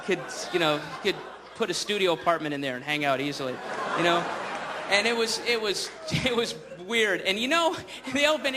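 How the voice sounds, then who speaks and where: A man doing a stand-up comedy set on a live stage, rambling through a story full of fillers and restarts. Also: sits high. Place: live theater stage before an audience. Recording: live show with loud crowd noise.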